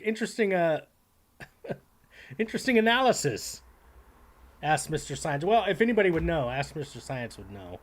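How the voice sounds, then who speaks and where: Man streamer, slightly high voice, rambling and swearing, reads chat out loud. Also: big pitch swings, normal speed, pauses often. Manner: rambling, profane, laughs often, reads chat aloud. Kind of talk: live stream reaction commentary.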